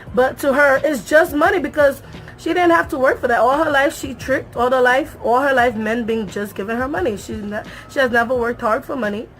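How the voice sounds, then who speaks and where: A young woman talking straight to her viewers in a casual, emphatic recap, repeating phrases for effect. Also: fairly high pitch. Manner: talks straight to viewers, calls them y'all. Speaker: reality show recap vlogger.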